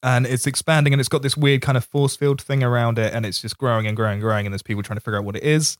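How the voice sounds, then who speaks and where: A man hosts a film podcast in relaxed, casual conversation, laughing often as he goes. His voice sits in a middle pitch, recorded close and dry. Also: very fast, no echo. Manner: laid-back, laughs often. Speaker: podcast host. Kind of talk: casual chat.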